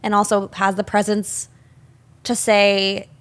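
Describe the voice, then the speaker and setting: A young woman co-hosting a film podcast, retelling scenes in a chatty, animated way with many fillers. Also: medium pitch, slow pace. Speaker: podcast co-host. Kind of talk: casual film discussion.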